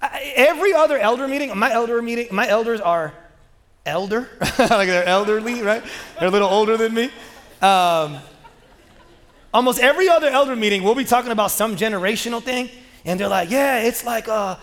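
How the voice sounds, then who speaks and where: Male pastor, high voice, loose and joking from the pulpit, church echo trailing behind. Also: brisk, fairly bright tone. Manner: casual, joking, conversational preaching. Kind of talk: sermon. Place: church sanctuary. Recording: long reverb of a large hall.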